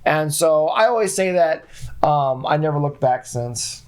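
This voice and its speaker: A man's voice: on the high side, animated, unhurried, clear, resonant tone. A man talking casually as a podcast guest, rambling through a story and laughing often. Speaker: guest, founder of a video company.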